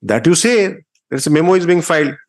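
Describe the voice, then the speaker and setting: A man's voice: fairly high pitch, expressive, fairly quick. A man with an Indian English accent, presiding as a judge at a court hearing, sternly lecturing and rebuking counsel.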